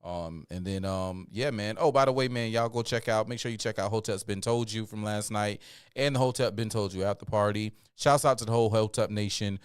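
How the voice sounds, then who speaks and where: Deep-voiced, tired livestream host. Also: male voice, brisk, smooth, no echo. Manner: preachy build-up then laid-back rambling; many fillers and shout-outs. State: tired, yawning. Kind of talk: casual livestream sign-off.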